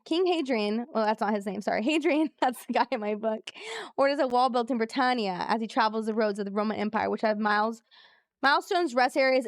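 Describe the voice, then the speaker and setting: A live streamer with a voice on the high side talks fairly quickly as she plays a trivia game, and the studio-quality audio has no echo. She reads out clues, laughs readily and keeps a casual chat going with her viewers.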